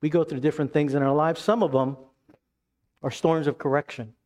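A man preaching a sermon as pastor, emphatic, then dropping to hushed tones. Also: a little high, steady tone, brisk.

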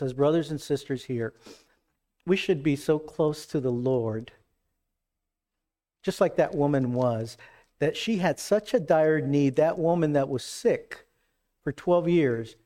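A man preaching a sermon in an earnest, emphatic way, acting out quoted lines with shifts in pitch and pace. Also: warm tone. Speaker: pastor.

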